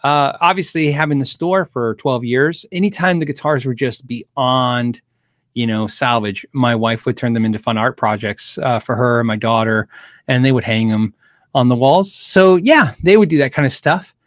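A man's voice: mid-range voice, normal speed, no room sound, studio quality. A man hosting a guitar show, answering viewer questions in a loose, rambling way, often restarting his sentences. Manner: rambling, self-correcting, chuckles often. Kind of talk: casual livestream chat.

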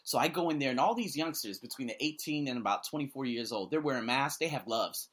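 A man who hosts an ESL podcast, ranting to camera with blunt profanity. He swings between loud outbursts and low muttering. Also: quick pace. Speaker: vlogger and ESL podcast host. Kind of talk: angry opinion rant to camera.

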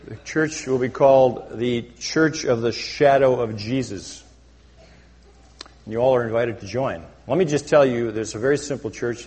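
A man preaching a satirical sermon as a pastor, mock-pompous and deadpan self-important, speaking to a congregation in a church sanctuary. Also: mid-range voice. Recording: long hall reverb.

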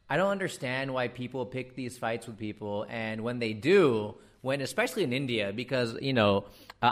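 A man with an American accent, a comedian giving a ranting monologue, animated and exasperated, swearing freely and dropping in fillers. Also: medium pitch. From United States.

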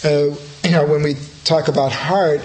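A man's voice: fairly high pitch, fairly even intonation, moderate pace, a little hiss or hum, poor audio. A middle-aged man, a Buddhist teacher, giving an informal dharma talk in a loose, conversational way, full of fillers and restarts. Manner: rambling, conversational, full of "you know, like" fillers.

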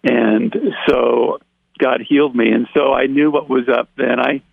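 Male guest, gravelly mid-pitched voice, animated storyteller who voices the people he quotes; tinny dry phone line. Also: a little slow, dry recording. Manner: animated, acts out quoted dialogue. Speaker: interview guest. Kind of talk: personal testimony storytelling.

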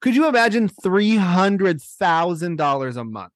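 A man's voice: sits high, big pitch swings, a little slow, no room sound, studio quality. A man co-hosting a casual podcast about reality TV, laughing often and teasing his co-host.

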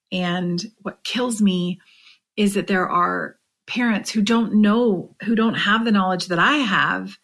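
Earnest, tired woman podcast host. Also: medium pitch. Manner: earnest, heartfelt, often dropping to a soft near-whisper. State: tired and emotional. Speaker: podcast host and direct sales coach. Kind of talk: unscripted motivational podcast monologue.

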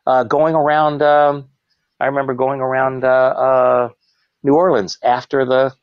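A man who works as a clown, telling stories in a casual interview, animated and quick to laugh, jumping into high shouted voices when quoting people. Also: clear, resonant tone, dry recording, muffled recording. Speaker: professional clown, guest.

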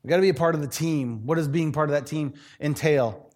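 A man's voice: fairly high pitch, a little fast. A middle-aged male pastor preaching a sermon, telling funny stories and acting out the people in them. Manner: animated, joking, acts out voices in his stories.

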